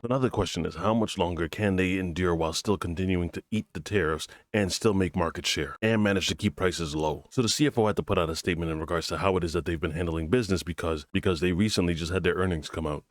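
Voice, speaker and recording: Low-voiced fast-talking male commentator. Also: no room sound. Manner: explanatory, argumentative. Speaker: political commentary host. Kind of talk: solo commentary on news clips.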